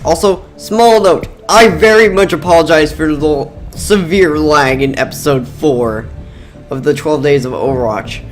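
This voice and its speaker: A man's voice: fairly high pitch, unhurried, faint music behind. A young man hosting casual gaming commentary, rambling and jokey, often cutting himself off mid-sentence. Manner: rambling, self-interrupting, jokey. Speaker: gaming video host.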